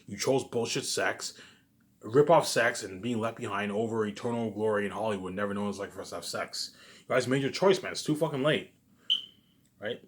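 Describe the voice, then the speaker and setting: Fast, agitated ranting man. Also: slight background noise. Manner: agitated, profane, repetitive, with many restarts; swings between loud outbursts and low muttering. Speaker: YouTube vlogger. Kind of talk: ranting monologue to camera.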